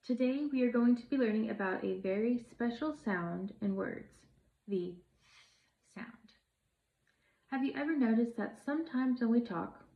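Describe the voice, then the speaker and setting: A woman's voice: a little high, creaky. Encouraging young woman teaching young children. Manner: slow, encouraging, speaks to a class of young children. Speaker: pre-service teacher. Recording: echoey room, dull lo-fi sound.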